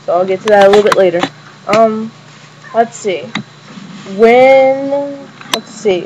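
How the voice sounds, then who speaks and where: Speaking at a measured pace in a mid-range voice, a young woman rambles through a casual fan review of a show's episode, stumbling over fillers and restarts. It's recorded on dull, lo-fi webcam audio carrying faint noise.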